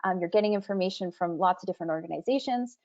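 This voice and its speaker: A woman's voice: on the low side, very fast, a little mellow. A woman on a webinar panel talking about records and privacy in a conversational way, with many fillers and restarts. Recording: muffled video call audio.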